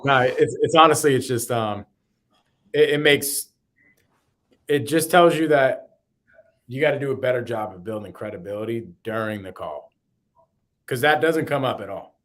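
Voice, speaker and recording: A man co-hosting a casual real estate show, chatting in loose slang. He repeats and restarts words as he talks, in a voice of ordinary middle pitch. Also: animated, normal speed, long pauses, a bit bright. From Boston. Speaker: co-host. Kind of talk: casual podcast chat.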